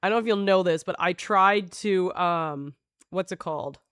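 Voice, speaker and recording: A woman's voice: fairly low pitch, normal speed, a bit bright, clean tone, dry recording, clean studio sound. A woman live streamer chatting with her viewers in a rambling, jokey way, often breaking off and restarting her sentences. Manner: jokey, scattered, full of restarts and self-interruptions.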